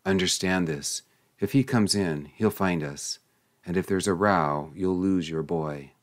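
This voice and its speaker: A man voicing a tense male lover in an audiobook, urging in a low, hushed tone. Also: measured pace. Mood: grim urging.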